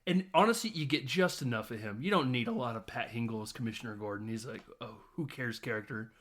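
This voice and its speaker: A man hosting a podcast, recapping a movie in a loose, animated way, laughing and swearing as he tells the scenes. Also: medium pitch, fast talker. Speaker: podcast host. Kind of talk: casual film recap.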